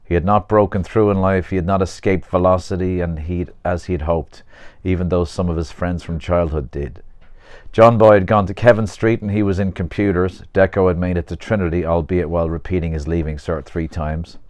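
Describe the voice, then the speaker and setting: A man's voice: low voice, steady tone, fairly quick, darkish tone, no echo. A man reading aloud from his own novel, stopping now and then for chatty asides. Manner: chatty, breaks off to comment on his own text. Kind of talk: informal audiobook reading with asides.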